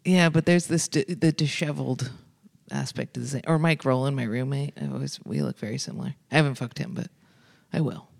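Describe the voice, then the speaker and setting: A man who is a comedian, chatting casually with friends in a quick, joking, crude way. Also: medium pitch, lively intonation, creaky.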